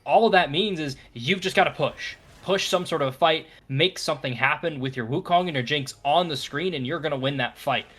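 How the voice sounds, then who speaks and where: A man giving relaxed, analytical commentary on a live esports match, thinking aloud with frequent fillers and restarts. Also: a little high, brisk, few pauses. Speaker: esports caster. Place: broadcast booth.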